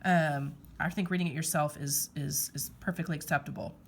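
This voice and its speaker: A woman's voice: low-pitched, steady tone, a little fast, creaky, slight background noise. Teacher woman giving direct instructions. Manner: direct, repeats okay, emphatic instructions. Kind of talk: classroom writing lesson.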